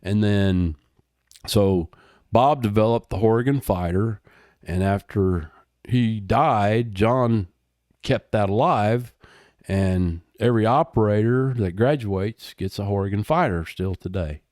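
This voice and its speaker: A man's voice: fairly low pitch, takes it slowly, a little mellow, no echo, studio quality. A man, telling stories in a casual interview. He laughs often and drops "man" and "dude" into his talk. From Texas. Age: 60s. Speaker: guest, retired helicopter pilot.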